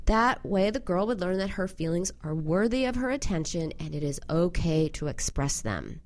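A woman hosting an advice show, explaining emotional eating in an animated way and slowing down to stress key points. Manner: animated, acts out quoted voices in a higher pitch.

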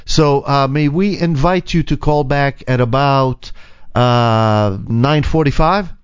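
A man hosting a radio show in casual chat, teasing his co-host, quick to laugh, and taking calls on air. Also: medium pitch, clear, resonant tone. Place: radio studio. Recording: muffled lo-fi radio broadcast.

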